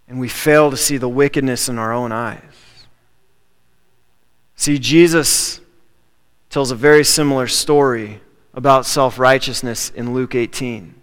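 A man's voice: mid-range voice, a bit bright, smooth. A man preaching a sermon as a pastor, in a conversational way that repeats key phrases for emphasis. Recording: long reverb of a large hall.

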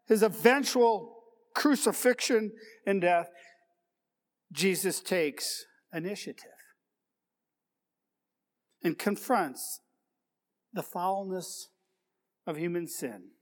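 A man's voice: high-pitched, slow, pauses often. A male pastor delivering a sermon, reflective and full of rhetorical questions and repeated key words. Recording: long reverb of a large hall.

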